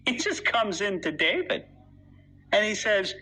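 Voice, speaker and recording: A man's voice: high-pitched, sing-song, a little slow, sharp tone, slightly rough, low-quality recording. A man preaching a sermon in an earnest, emphatic way, reading scripture aloud with dramatic weight.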